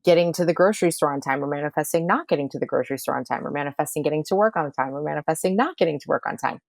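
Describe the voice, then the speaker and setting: A woman's voice: deep voice, racing, creaky, no room sound. A woman who is a manifestation coach and astrologer, talking emphatically in a casual podcast conversation and repeating phrases for effect.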